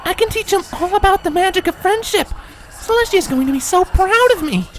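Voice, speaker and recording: A man voicing an eager, bookish adult female pony princess who talks in an excitable, chirpy way. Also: extremely high pitch, unhurried, pitched above the performer's own voice, exaggerated voice.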